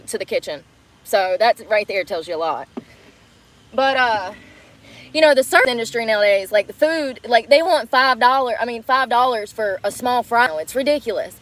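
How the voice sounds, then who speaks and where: A woman's voice: a little high, animated, moderate pace, fairly bright tone, rough recording. A woman chatting on a livestream around a car, rambling, giggling and cursing, breathless from effort. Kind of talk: casual livestream chat.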